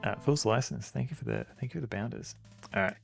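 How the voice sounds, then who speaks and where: A man's voice: mid-range voice, quick pace, creaky, faint music behind. A man streaming an old computer game, rambling casually, chuckling and greeting chat.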